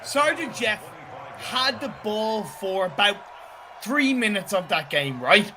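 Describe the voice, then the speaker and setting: A man's voice: sits high, expressive, slow pace, noisy background. A man giving chatty, analytical color commentary on an esports match.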